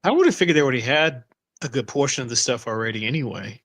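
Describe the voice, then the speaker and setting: A man's voice: mid-range voice, lively intonation, fairly bright tone. Laid-back man chatting as a livestream guest. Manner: laid-back, agreeable, quick backchannel replies. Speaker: guest co-host. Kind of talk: casual livestream chat.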